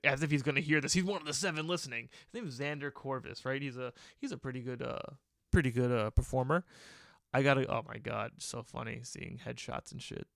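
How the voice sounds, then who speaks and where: A man's voice: medium pitch, brisk, gravelly, a bit bright, no room sound, studio quality. A young man hosting a casual solo podcast from his old bedroom, rambling and joking crudely and laughing at his own stories. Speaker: podcast host.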